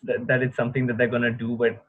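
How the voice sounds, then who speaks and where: A man's voice: mid-range voice, completely flat delivery. A young man from Bangalore with a light Indian English accent, chatting casually and profanely, full of fillers. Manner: profane, rambling, fast with lots of fillers. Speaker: podcast host. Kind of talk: casual chat. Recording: tinny phone-like line.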